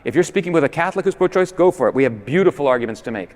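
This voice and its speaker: A man giving a persuasive conference talk with emphatic stresses that drop to quiet endings. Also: expressive, rapid-fire. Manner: emphatic, with swings between loud stresses and low, quiet endings. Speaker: conference speaker. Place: large basilica. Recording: long reverb in a big church.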